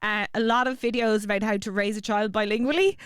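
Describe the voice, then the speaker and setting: A woman's voice: medium pitch, steady tone, quick pace, clean tone, no echo, studio quality. A young Irish woman co-hosting a podcast, chatting casually with blunt, sweary storytelling. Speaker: podcast co-host. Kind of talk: casual chat.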